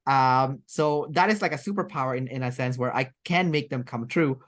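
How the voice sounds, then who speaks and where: A woman's voice: rumbling low, normal speed. A woman as an interview guest, talking in a rambling, chatty way with many fillers and restarts. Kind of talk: casual interview chat.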